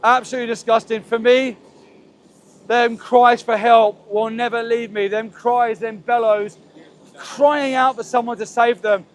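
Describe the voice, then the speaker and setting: A man's voice: very high-pitched, little pitch movement, measured pace. A man hosting an activist livestream outdoors, speaking in an impassioned, pleading, repetitive way into a handheld phone. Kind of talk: impassioned live street commentary. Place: outdoors near a slaughterhouse.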